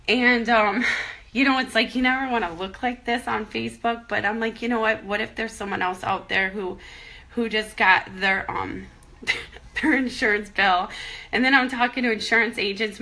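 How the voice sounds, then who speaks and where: Casting: a tearful woman in her thirties, candid self-pep-talk vlog, bright forward tone. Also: medium pitch. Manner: rambling, candid, self-encouraging. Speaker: mother vlogging about money worries. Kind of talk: emotional personal vlog.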